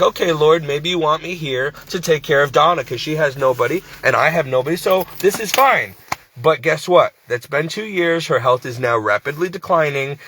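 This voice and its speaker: A man's voice: fairly high pitch, pushed and bright, a little hiss or hum. A sleep-deprived man working as a part-time caregiver, venting to camera in a rambling, exasperated, pleading way. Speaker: devout Christian.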